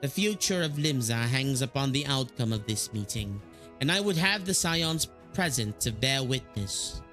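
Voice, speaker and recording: A formal, composed woman admiral, as a man reads her aloud. The voice stays in an ordinary middle pitch, with faint game music beneath. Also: animated, normal speed, fairly bright tone, close to an everyday voice. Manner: reading lines in a plain, lightly acted voice.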